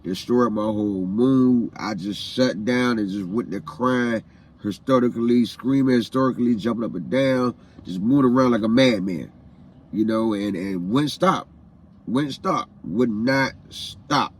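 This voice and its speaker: A man tells his own story straight to the camera in a vlog, still raw with grief. He circles back and repeats lines as he goes, and his voice sits in a middle pitch. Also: unhurried, slight background noise. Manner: repetitive, heartfelt retelling with phrases said again and again; emotional, grieving. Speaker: vlogger.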